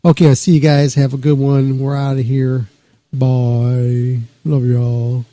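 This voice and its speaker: A man's voice: medium pitch, completely flat delivery, a little slow, mellow, no room sound. A male podcast host signing off the show in a loose, rambling way that trails off. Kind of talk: casual show sign-off.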